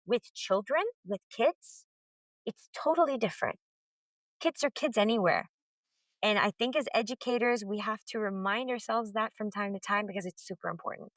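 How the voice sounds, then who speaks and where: Woman guest, teacher; candid, animated storyteller; medium pitch, dry close sound. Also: normal speed, no echo. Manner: emphatic, animated, acts out quoted dialogue. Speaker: middle school teacher, guest.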